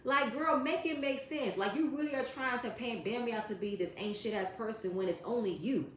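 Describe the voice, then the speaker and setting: A woman with a fairly high voice runs through a reality TV episode recap in casual commentary. She is blunt and sassy, swears freely, and speaks straight to the people on the show. Her voice carries a noticeable room echo. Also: a little fast, slight background noise. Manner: blunt, sassy, profane, addresses cast members directly. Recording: roomy echo.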